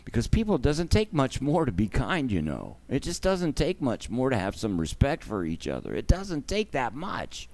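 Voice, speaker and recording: Expressive man hosting a charity livestream. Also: mid-range voice, normal speed, hardly any pauses. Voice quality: expressive, emotional. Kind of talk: warm, emotional livestream hosting.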